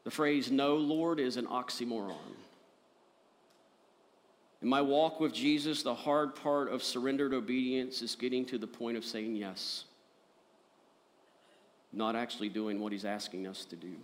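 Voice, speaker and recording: A man preaching a sermon as pastor, earnest, rising to emphatic peaks and dropping soft. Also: mid-range voice, fairly even intonation, a little slow, long pauses.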